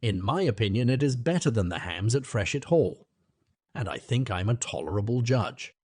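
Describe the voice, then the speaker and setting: A man's voice: mid-range voice, expressive, normal speed, a little mellow, husky, no room sound, studio quality. A man reading the part of a pompous, sonorous auctioneer who loves long words, in an audiobook. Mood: self-satisfied. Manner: grandiloquent, fond of long words. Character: pompous sonorous middle-aged male auctioneer.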